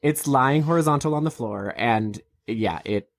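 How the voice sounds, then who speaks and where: A woman's voice: very deep voice, moderate pace, a crowd in the background. A woman co-hosting a podcast, recapping a TV show in casual, laughing chat and acting out quotes. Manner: chatty, laughing, acts out quotes. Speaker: podcast co-host.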